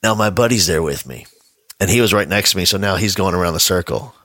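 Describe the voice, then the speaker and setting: A man with a somewhat low voice hosts a casual podcast chat, recorded in a dry, dead room. He tells stories in a relaxed, rambling way and chuckles often as he goes. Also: quick pace, dry recording. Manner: laid-back storyteller, chuckles mid-sentence.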